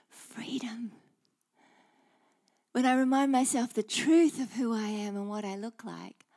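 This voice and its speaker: A woman preaching a sermon in an emphatic, declarative way, dropping now and then to hushed asides. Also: fairly high pitch, vocal fry.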